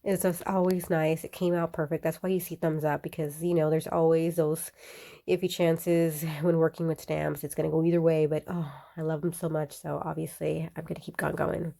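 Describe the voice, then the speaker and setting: A woman's voice: low-pitched, level tone, normal speed, vocal fry, mellow. A woman casually narrating her planner crafting, chatty and upbeat, with many fillers and laughs at herself.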